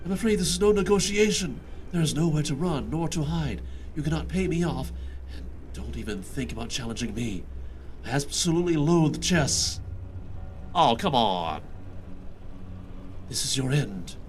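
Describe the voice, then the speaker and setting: A man voicing a grim male reaper who speaks in slow, ominous pronouncements with deadpan humor, in a game quest fan voice-over. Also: fairly high pitch, slight background noise, voice pushed down, natural voice. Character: grim male reaper, solemn and dryly wry.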